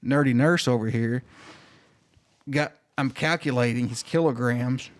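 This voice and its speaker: Male podcast guest, mid-pitched, casual storyteller who acts out every quoted exchange. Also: unhurried. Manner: animated, acts out quoted dialogue.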